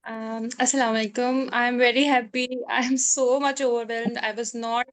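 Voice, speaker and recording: A woman with a high voice talks over a video call as a doctor recounting her exam, sounding overwhelmed. She hesitates often, filling her speech with "uh" and restarts. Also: level tone, moderate pace. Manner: hesitant, with many "uh" fillers and restarts, laughs often. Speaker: doctor, a student who passed an exam. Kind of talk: emotional call testimony.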